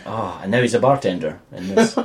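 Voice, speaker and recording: A man co-hosting a comedic film review chat, swearing often and talking with animated exasperation. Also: on the low side, fairly quick. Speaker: film podcast co-host.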